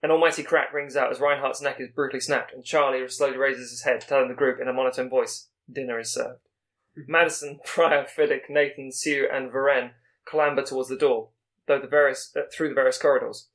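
A man reading out a scripted plot pitch as a podcast co-host, with small slips as he goes. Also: flat delivery, a bit bright. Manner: brisk storytelling read with small slips.

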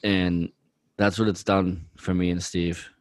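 A man's voice: low voice, flat delivery, a little slow, dry recording. A man co-hosting a podcast, talking earnestly in a rambling way with many fillers. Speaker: podcast co-host. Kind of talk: casual chat.

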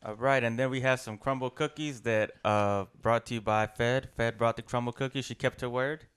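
Podcast host dude, smooth clean voice, playful, stretches out his intros. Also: medium pitch, fairly even intonation, a bit bright. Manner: playful, drawn-out announcer delivery. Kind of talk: casual chat.

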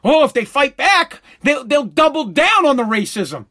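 A man's voice: very high voice, sing-song, moderate pace, bright, forceful tone. A middle-aged man, hosting a show and telling a profane story bluntly, with many restarts. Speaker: show host.

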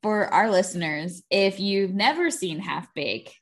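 A woman's voice: medium pitch, expressive, a little slow. A woman co-hosting a casual movie podcast, candid and blunt, laughing often and swearing casually. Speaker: podcast co-host. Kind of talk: casual chat.

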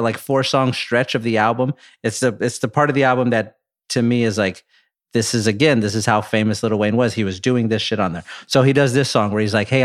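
Excitable man laughing through a chat. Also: medium pitch. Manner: excitable, laughs often, imitates sound effects. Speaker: podcast co-host. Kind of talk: casual chat.

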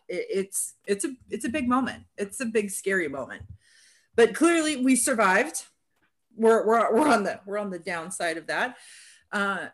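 A woman hosting a casual podcast chat, talking in an encouraging, conversational way and often restarting her phrases. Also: medium pitch. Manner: encouraging, conversational, repeats words when restarting. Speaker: host.

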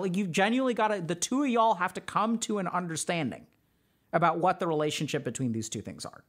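A man's voice: high-pitched, lively intonation, fairly quick. A man hosting a podcast as a mental health doctor, talking through relationship advice in an earnest, conversational way with many fillers. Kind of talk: casual advice talk.

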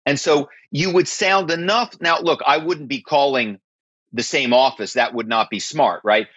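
Husky man telling spy stories. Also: medium pitch, measured pace, fairly bright tone, dry recording. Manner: emphatic, keeps asking "right?". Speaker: former corporate spy and author. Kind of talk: interview guest storytelling.

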